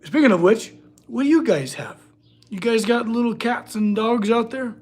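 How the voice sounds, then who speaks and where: A man's voice: very high voice, normal speed. A man hosting a casual livestream from his workshop, chatting with viewers and talking to his dog. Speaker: blacksmith livestream host.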